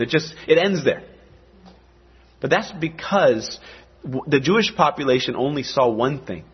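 A man's voice: fairly high pitch, slightly rough, dull audio. A man preaching a sermon, talking in a conversational way and dropping in dramatic asides. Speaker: pastor.

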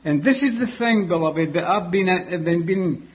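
A man preaching a sermon, slow and emphatic, repeating key phrases, on a dull lo-fi recording. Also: high voice, animated, slightly rough.

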